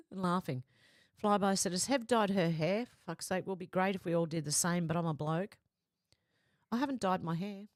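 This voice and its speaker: A woman's voice: on the low side, normal speed, no echo, clean studio sound. A woman hosting a live stream, reading viewers' comments aloud and chatting back to them casually. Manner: chatty, reads comments in a flat running voice with asides.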